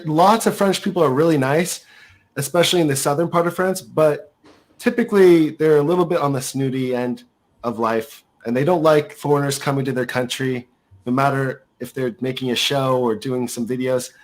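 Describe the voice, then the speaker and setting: A man hosts a casual livestream with a slightly higher voice than most men. He sounds upbeat and easygoing as he chats and asks his guests questions. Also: moderate pace. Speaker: host.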